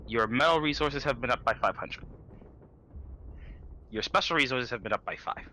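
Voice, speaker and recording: A man's voice: medium pitch, normal speed, pushed and bright, a little hiss or hum, poor audio. A man narrating a tabletop game as game master, casual and chatty with lots of filler words. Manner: casual, full of fillers and laughs.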